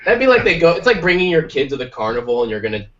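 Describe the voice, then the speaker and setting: A man hosting a podcast in casual chat, rambling and animated, slipping into little voices when he quotes people. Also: fairly high pitch, rapid-fire. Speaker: podcast host. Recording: distant, dull lo-fi mic.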